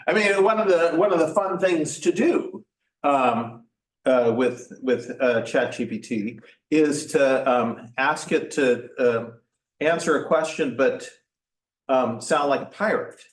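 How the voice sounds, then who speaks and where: A man giving a workshop talk in an informal lecture style, halting often with fillers and restarts. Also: medium pitch. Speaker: workshop presenter. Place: church meeting room. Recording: echoey room, mic at a distance.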